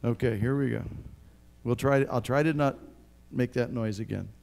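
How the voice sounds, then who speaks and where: A man in his sixties preaching a sermon as pastor, earnest and emphatic, speaking straight to his listeners and swinging from hushed to loud. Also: mid-range voice, normal speed, creaky. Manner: addresses listeners directly.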